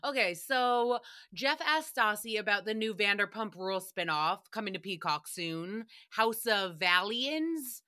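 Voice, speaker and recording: A woman's voice: medium pitch, expressive, measured pace, sharp tone, clean tone. A woman hosting a podcast, recapping a show in casual, sarcastic chat and swearing freely. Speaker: podcast host.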